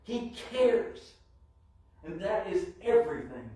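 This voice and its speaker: Slow, emphatic man preaching in echoey church. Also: high voice, darkish tone. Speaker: pastor. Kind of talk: sermon. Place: church sanctuary. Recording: very echoey church, mic from far off.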